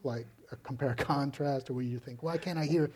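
Mellow-voiced male interviewer. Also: medium pitch, normal speed, breathy edge. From Mexico City. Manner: curious, prompting questions with tag "right?". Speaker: interviewer, host. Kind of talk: radio interview.

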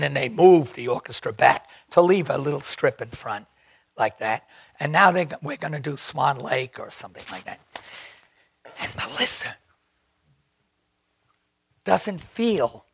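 Older man with a gravelly, high voice. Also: no echo, clean studio sound. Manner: animated, acts out quoted voices; digressive, rambling. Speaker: interviewee. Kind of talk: storytelling anecdote.

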